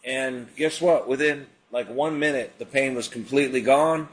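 A man's voice: mid-range voice, normal speed. Man, radio prayer host, casual and conversational, lots of ums and uhs. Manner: prays and preaches in a relaxed, conversational way with frequent fillers. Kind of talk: live call-in prayer show.

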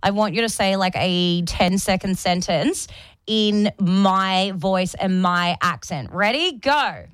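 A woman, hosting a radio show in casual, animated banter. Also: medium pitch, slow pace, clear, resonant tone, no echo. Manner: animated, laughs often. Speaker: radio host.

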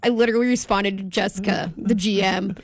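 A woman's voice: mid-range voice, fairly even intonation, fairly quick, no room sound. A young woman co-hosting a morning radio show, joking sarcastically and laughing a lot. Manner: sarcastic, laughing, playful complaining. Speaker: radio co-host. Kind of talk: casual morning radio banter.

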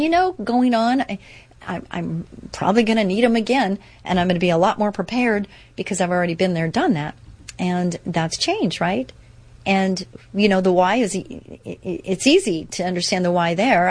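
A woman sharing a personal recovery story in a casual, earnest, upbeat way, full of fillers and restarts. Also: medium pitch.

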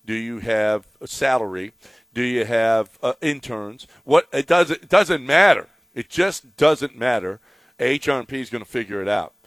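Excitable sports radio host. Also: male voice, medium pitch, moderate pace, no room sound. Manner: animated, excitable, repeats words when riled up. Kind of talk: casual sports talk and live ad read.

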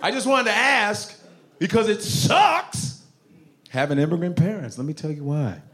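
Brash stand-up comic man, lively pitch. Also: moderate pace. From Africa. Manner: loud, brash, swearing, acts out his parents. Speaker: stand-up comedian. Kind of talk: stand-up crowd work. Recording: noisy live club recording.

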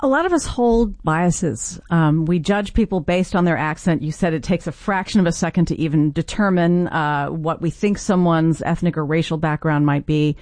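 Middle-aged female public radio host, measured interview delivery, dry close mic. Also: sits low, a little mellow, no room sound. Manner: measured, scripted introductions and questions.

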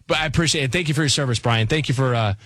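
A man hosting a call-in sports radio show, talking casually and excitably with callers in a studio. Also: medium pitch, racing, no echo. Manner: casual, excitable, calls people buddy.

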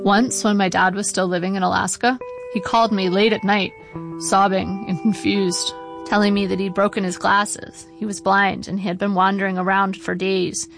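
A middle-aged woman reading her own memoir aloud in a measured, wry way. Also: mid-range voice, flat delivery, gravelly, music in the background. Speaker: narrator.

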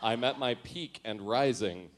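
A man's voice: medium pitch, unhurried, slight background noise. A man giving a comic reading of his teenage diary. He mocks his own writing and laughs at himself as he goes. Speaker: storyteller.

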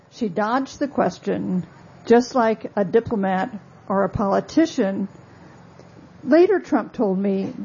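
A woman author giving a talk about her book, telling stories in a measured, wry way with asides. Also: medium pitch, gravelly, dark tone, slightly rough, dull audio. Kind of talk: lecture-style talk.

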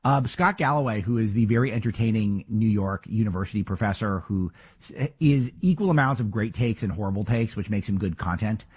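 A man's voice: on the low side, a little fast, a little mellow, husky. A man hosting a talk show, giving emphatic, argumentative political commentary full of rhetorical questions.

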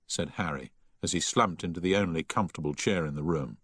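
A man reading a novel aloud as narrator in a measured storytelling manner. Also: deep voice, a bit bright, slightly rough, no echo, studio quality. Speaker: audiobook narrator. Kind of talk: scripted narration.

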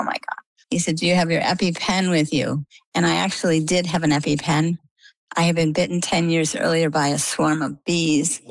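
A middle-aged woman from the United States, telling her story in a lively, conversational way as an interview guest. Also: low voice, creaky, dry recording, low-quality recording. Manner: animated, lively retelling.

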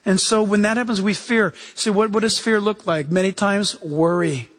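High-voiced animated male pastor. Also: normal speed. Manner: animated, acts out quoted voices, chuckles. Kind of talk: sermon.

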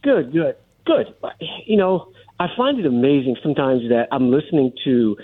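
A man's voice: mid-range voice, animated, normal speed. A middle-aged man calling in to a radio talk show, making his argument insistently and holding the floor. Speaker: caller. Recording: tinny phone line.

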